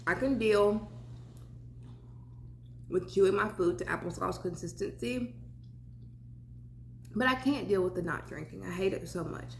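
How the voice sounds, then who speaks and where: A woman's voice: mid-range voice, a little slow, vocal fry, pauses often, echoey room, a little hiss or hum. A young woman with a Southern US accent, chatting casually while eating and talking with her mouth full in her home kitchen. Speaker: vlogger.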